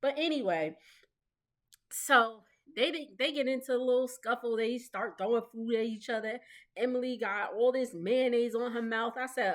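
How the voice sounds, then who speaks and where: A woman's voice: fairly high pitch, moderate pace. A woman in her thirties chatting casually as she recaps a reality show, gossiping, laughing often and mimicking the people she talks about. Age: 30s. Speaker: recap vlogger.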